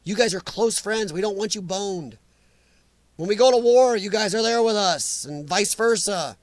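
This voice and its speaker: A man's voice: sits high, normal speed, no room sound. An American man hosting a live chat, rambling and emphatic as he answers viewers by name. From United States. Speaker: livestream chat host. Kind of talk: casual opinionated live chat.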